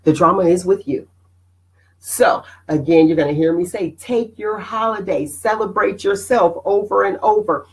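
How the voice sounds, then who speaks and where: A middle-aged woman hosting a casual motivational live stream, animated and preachy, greeting viewers by name. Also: medium pitch, normal speed, low-quality recording.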